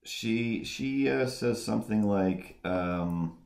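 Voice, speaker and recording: Man, deep voice, casual livestream chatter, rambling, roomy echo. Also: slow pace, creaky. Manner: rambling storyteller, animated retellings. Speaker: streamer drawing live.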